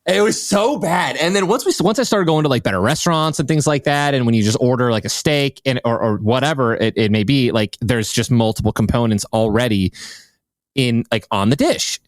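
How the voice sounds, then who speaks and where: Male podcast host, rapid-fire delivery, excitable and slangy, dry close mic. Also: medium pitch, dry recording. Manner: excitable, slangy, swears a lot. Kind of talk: casual chat.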